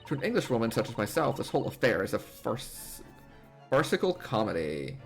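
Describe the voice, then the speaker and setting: A man's voice: medium pitch, big pitch swings, a little fast, gravelly, soft background music. A man voicing a haughty, scornful English woman villain in a video game, reading her lines in a disdainful, condescending way.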